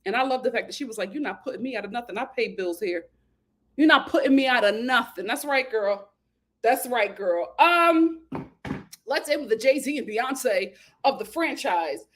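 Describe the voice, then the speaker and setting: A woman chats through a reality show recap with plenty of sass. Her voice sits high and jumps around a lot as she acts out the cast's quotes. She laughs loudly and talks straight into a close mic. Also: normal speed. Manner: animated and sassy, acting out quotes with big laughs. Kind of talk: casual chat recap.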